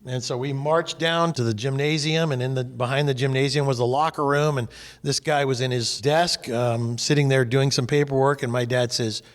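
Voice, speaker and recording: Leading a faith discussion group in a large hall, a man from California tells a personal story and animatedly acts out the people in it. His voice is medium-pitched and moderately paced.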